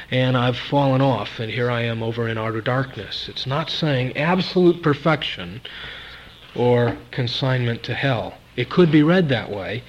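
A man preaching a sermon at a church service, emphatic and repeating key words, swinging between loud and soft. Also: mid-range voice, highs cut off, slight background noise.

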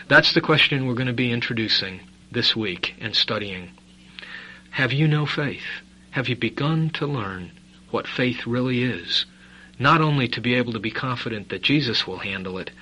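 A male preacher with a bright, sharp-edged voice delivers a sermon. He leans hard on key phrases and asks the listeners rhetorical questions. Then he drops to quiet, intimate asides. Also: mid-range voice, normal speed, slight background noise, low-quality recording. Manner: emphatic, rhetorical questions, swings between loud stress and quiet asides. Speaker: preacher and Bible teacher.

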